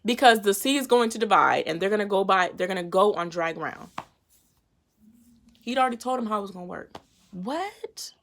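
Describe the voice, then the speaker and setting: A woman's voice: mid-range voice, animated, brisk. A woman giving a casual, slangy Bible lesson to her viewers and retelling scripture in everyday talk. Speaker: faith vlogger teaching a Bible lesson.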